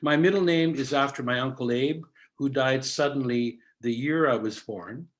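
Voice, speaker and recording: A Canadian cantorial soloist in his seventies tells a measured, didactic story over a video call, dropping in Yiddish words. His voice sits in the mid range.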